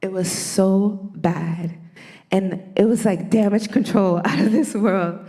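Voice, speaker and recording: A woman who serves as a church elder gives an animated testimony during a church service, speaking directly to the congregation. Her voice is medium-pitched and her pace is slow.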